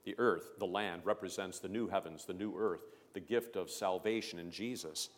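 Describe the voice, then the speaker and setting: A man preaching a sermon as pastor, emphatic, swelling loud on key phrases and dropping low between them. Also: moderate pace. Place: church sanctuary. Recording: long church reverb.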